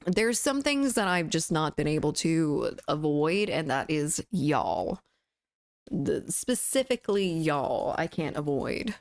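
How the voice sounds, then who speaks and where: A woman's voice: sits low, sing-song, slow pace, no echo. A woman with a Southern US accent chatting casually with her livestream chat while playing a game, laughing often and swearing freely. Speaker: streamer.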